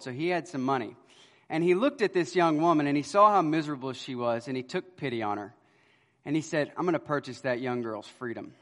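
A man preaching an expository sermon with a slightly raised voice. He swings from emphatic, loud lines to hushed ones as he tells his stories. The sound carries a long church-hall reverb. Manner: storytelling, swings between loud emphasis and quiet low lines.

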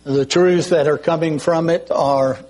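Slow, deliberate older male preacher. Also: a little high, fairly even intonation, a little mellow, low-quality recording. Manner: slow, deliberate preaching with frequent throat clearing. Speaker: pastor. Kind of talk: sermon.

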